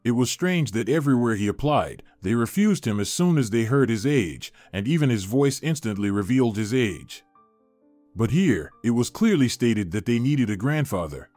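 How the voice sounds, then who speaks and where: Male storyteller, lively intonation, dry booth with faint music. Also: medium pitch, dry recording. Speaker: narrator. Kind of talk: scripted narration. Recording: dry studio voice-over with soft music.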